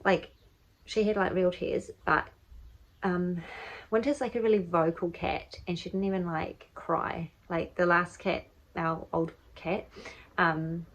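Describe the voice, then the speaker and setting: A woman's voice: lowish voice, steady tone, measured pace, rough recording. A woman with a New Zealand accent, a mother telling a casual, rambling story for her vlog at home. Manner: chatty, rambling, many fillers like "like" and "um". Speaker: vlogger and mother. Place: home, indoors.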